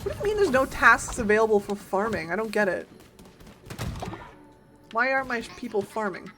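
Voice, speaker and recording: A woman streamer giving casual, chatty gameplay commentary, reacting loudly and talking to her chat and her game's followers. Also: fairly high pitch, normal speed, faint music behind.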